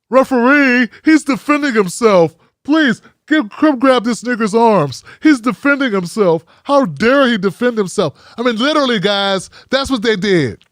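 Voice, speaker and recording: A man's voice: high voice, no room sound, studio quality. A middle-aged man hosting a live commentary show, ranting in a heated, profane, mocking way.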